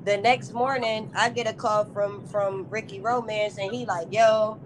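Woman, podcast host, blunt, profane storytelling, medium pitch. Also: fairly even intonation, noisy background. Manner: profane, blunt, rapid-fire retelling. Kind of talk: casual storytelling chat.

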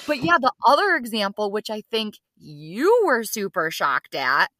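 A woman's voice: mid-range voice, sing-song, measured pace, sharp tone, dry recording. A woman co-hosting a podcast in casual chat, telling stories animatedly and acting out quoted lines with casual swearing. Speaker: podcast co-host.

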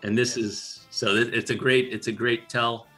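A man's voice: medium pitch, level tone, normal speed, a bit bright, soft background music. A man hosting a podcast, chatting casually about a movie and retelling its scenes. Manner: retells scenes and quotes lines. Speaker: podcast host.

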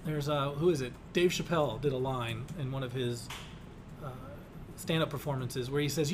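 A man hosting a casual interview podcast, jokey and animated, acting out quotes as he tells stories. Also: medium pitch, moderate pace, a little hiss or hum. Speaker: podcast host.

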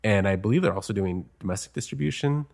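A man's voice: fairly low pitch, lively intonation, fast talker, gravelly, darkish tone. A man, a screenwriter, chatting casually as an interview guest and laughing often between stories.

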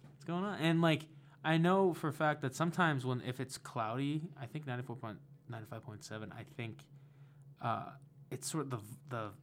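Young male guest DJ, casual rambling storyteller, mid-pitched, studio chat. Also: fairly quick, slight background noise. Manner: animated, rambling with many fillers. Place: radio studio.

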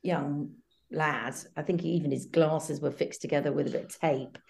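A middle-aged woman speaks warmly in an interview, recalling family life. She often pauses on ums and starts her sentences again. Her voice sits low and has a gravelly, creaky texture. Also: fairly even intonation. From England. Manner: warm, hesitant, many ums and restarts. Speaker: guest. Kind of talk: reflective interview chat.

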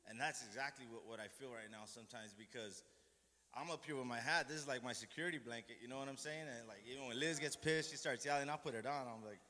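A man's voice: medium pitch, fast talker, sharp tone, a little hiss or hum. A man giving an informal, self-deprecating sermon, rambling with many restarts and asides. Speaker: lay preacher. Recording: echoey hall with long reverb.

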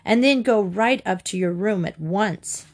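A woman's voice: mid-range voice, unhurried. A woman voicing a stern mother scolding her son in a storybook reading, speaking in a firm, commanding way.

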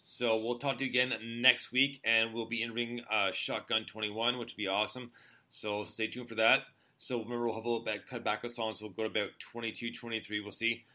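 A man's voice: lowish voice, flat delivery, quick pace, sharp tone. A man hosting a music radio show, chatting casually with a rambling, laid-back manner and plenty of fillers. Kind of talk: casual chat.

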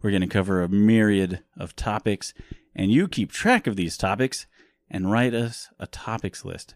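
A man's voice: on the low side, lively intonation, moderate pace, no echo. A man co-hosting a casual podcast about movies, joking and rambling with frequent laughs. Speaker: podcast co-host.

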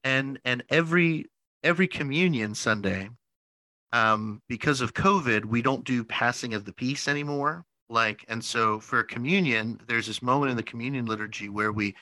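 A man's voice: medium pitch, moderate pace, pushed and bright, dry recording, rough recording. A man who works as a pastor, chatting casually and telling stories in a rambling way, often repeating his words. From northern United States. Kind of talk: casual podcast chat.

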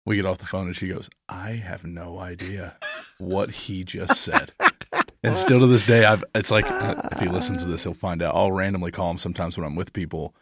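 A man's voice: sits low, fairly even intonation, quick pace, few pauses. A man co-hosting a church podcast in laid-back, joking chat, calling his friend dude and bro. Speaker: podcast co-host, pastor. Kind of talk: casual chat.

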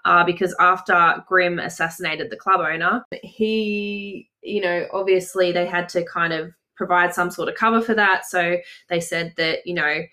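A woman's voice: lowish voice, steady tone, moderate pace, few pauses, pushed and bright. A woman in casual chat as a podcast co-host, gushing and giggling often.

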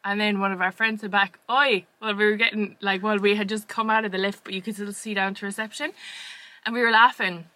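A bright, clear-voiced woman co-hosting a chat podcast, recorded dry and close with no room sound. She rattles through her stories, full of fillers and quick laughs. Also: medium pitch, little pitch movement, dry recording. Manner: chatty, laughing, fast storytelling with many fillers. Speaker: podcast co-host. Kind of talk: casual chat.

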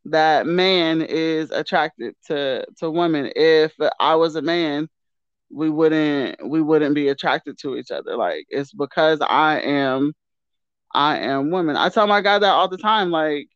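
A woman's voice: deep voice, unhurried, clear, resonant tone, dry recording, muffled recording. A woman guest in a casual podcast debate who speaks emphatically and with self-assurance, often repeating her words.

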